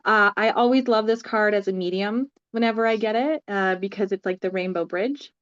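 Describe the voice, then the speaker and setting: A woman's voice: mid-range voice, normal speed, clear, resonant tone, dull audio. A woman co-hosting a casual chat about tarot cards, thinking aloud with many fillers. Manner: thoughtful, lots of fillers. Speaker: tarot reader and co-host.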